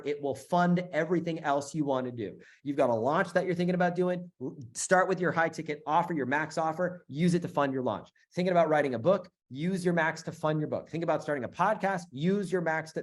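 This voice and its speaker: A middle-aged man runs a live sales webinar, pushing his offer with emphatic repetition. His voice sits fairly high for a man, and his delivery is peppered with fillers and quick restarts. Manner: energetic, emphatic, repeats phrases, many fillers. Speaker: webinar host selling a business bootcamp.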